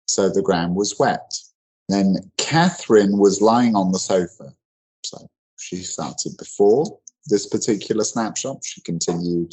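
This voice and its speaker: A man's voice: low-pitched, a little mellow, husky, rough recording. A man teaching English grammar in an online lesson, explaining in a loose conversational way with many fillers and restarts.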